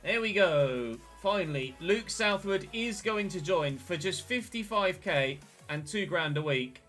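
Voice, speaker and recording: A man, casually commentating his football management game and breaking into excited shouts at big moments. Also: high-pitched, a little slow, faint music behind. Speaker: gaming channel host.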